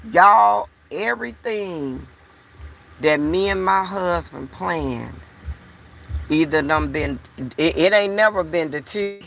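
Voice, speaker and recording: A woman's voice: on the low side, animated, takes it slowly, gravelly, a bit bright, a little hiss or hum. A woman vlogger talking to her viewers in a casual, frustrated, repetitive way. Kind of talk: casual talk to camera.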